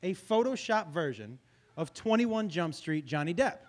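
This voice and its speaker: Lively high-voiced storytelling man. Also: normal speed. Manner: animated, laughing, profane storyteller. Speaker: podcast host and comedian. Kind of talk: casual chat, storytelling.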